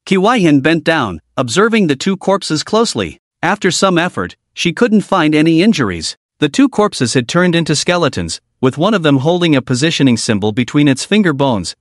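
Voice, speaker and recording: A man's voice: fairly high pitch, no echo, clean studio sound. A man narrating a comic story recap in scripted storytelling style.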